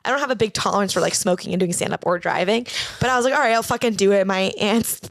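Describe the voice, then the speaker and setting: A woman's voice: mid-range voice, fast talker, creaky, dry recording, clean studio sound. A young adult woman comedian, a podcast guest, telling a long rambling story and acting out the people in it with lots of "like". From Boston area. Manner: rambling, frequent "like", acts out quoted voices. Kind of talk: casual chat, storytelling.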